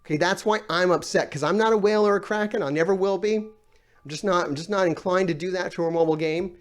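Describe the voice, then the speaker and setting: A man's voice: high voice, fast talker. Man ranting profanely on a live stream. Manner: exasperated, profane, sarcastic. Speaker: YouTube gaming commentator. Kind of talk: live-stream rant reading comments.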